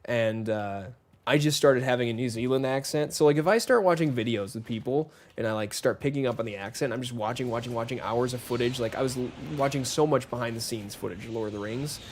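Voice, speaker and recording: A man's voice: medium pitch, fast, slight background noise. Chatty male game streamer, rambling. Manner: rambling, chatty, greets viewers by name. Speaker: gaming streamer. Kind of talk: casual live-stream chat while playing.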